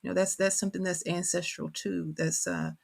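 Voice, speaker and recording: Her voice is fairly low, sing-song and creaky, moving at a fairly quick clip. She's a middle-aged author from Kentucky with a country accent, reflecting thoughtfully in an interview and searching for the right words.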